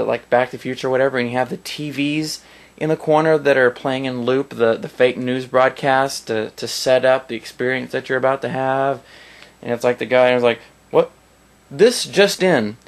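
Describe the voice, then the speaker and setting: A man giving a casual spoken film review in a sarcastic, rambling, mocking way. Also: medium pitch.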